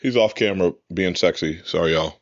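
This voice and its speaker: A man's voice: low voice, a little fast, dry recording, lo-fi sound. A man co-hosting a live talk stream, joking and swearing freely in casual banter. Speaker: co-host.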